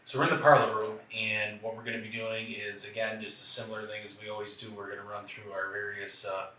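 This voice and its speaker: A man with a low voice coaxes unseen spirits in an old parlor, speaking from off-mic. The room is echoey and a faint hiss sits underneath. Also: flat delivery, fast talker, bright, forceful tone, recorded from a distance. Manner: coaxing questions to spirits. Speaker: paranormal investigator. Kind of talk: casual chat during a ghost hunt. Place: old house parlor indoors.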